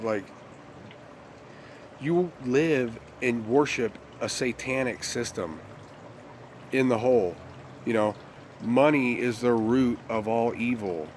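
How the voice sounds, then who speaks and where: A man's voice: mid-range voice, a little hiss or hum. A young man ranting bluntly and profanely in a rambling casual monologue to his viewers. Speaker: vlogger.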